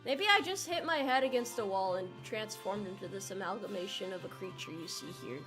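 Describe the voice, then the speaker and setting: A young adult woman streamer chats casually with her viewers, playful and jokey with melodramatic outbursts. Her medium-pitched voice is animated and a little fast, with faint music behind it.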